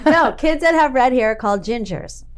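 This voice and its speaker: Woman host, casual chat, teasing, higher voice, pitch swinging a lot. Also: moderate pace. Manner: animated, teasing.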